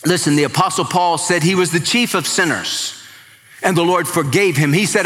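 A man preaching a sermon as pastor, impassioned, swinging from quiet pleading to raised emphasis. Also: high voice, normal speed, long reverb tail.

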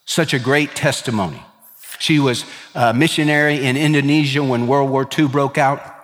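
A male pastor preaching a sermon slowly and emphatically, dropping low on key words. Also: steady tone, a bit bright, in a large hall.

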